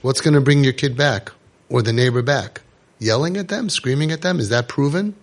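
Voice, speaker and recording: A man's voice: mid-range voice, normal speed. A man giving an impassioned religious lecture to parents, scolding and rhetorical, sprinkling in Hebrew and Yiddish terms.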